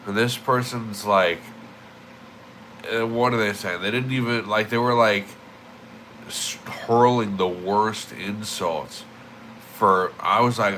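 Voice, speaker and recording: A man's voice: on the low side, fairly even intonation, slow pace, bright, forceful tone, slight background noise, rough recording. A young man livestreaming, just woken up, rambling and swearing with emphatic repeated words. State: just woke up. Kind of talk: casual streaming rant.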